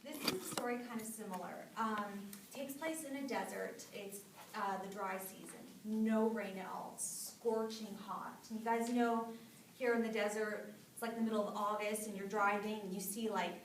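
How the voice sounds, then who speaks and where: A young woman of medium pitch, speaking at normal speed, tells a folk tale to a gathered group. Her storytelling is casual, animated and peppered with fillers. She's far from the mic in an echoey room, with slight noise behind her.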